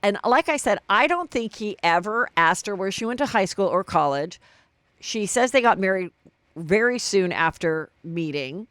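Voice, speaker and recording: A woman's voice: mid-range voice, expressive, moderate pace, a bit bright, no echo. A woman hosting a solo celebrity gossip podcast, chatty and gossipy, acting out what people said. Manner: chatty, gossipy, acts out quotes. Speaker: podcast host.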